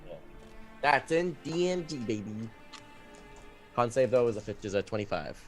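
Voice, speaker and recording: A man's voice: mid-range voice, big pitch swings, normal speed, soft background music. A man playing a tabletop game, bantering playfully about his rolls. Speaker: player.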